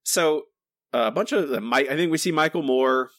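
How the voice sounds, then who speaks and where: A man's voice: a little high, moderate pace, fairly bright tone, no echo, studio quality. A man co-hosting a podcast, ranting in exasperated casual chat with many restarts and asides. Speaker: podcast co-host.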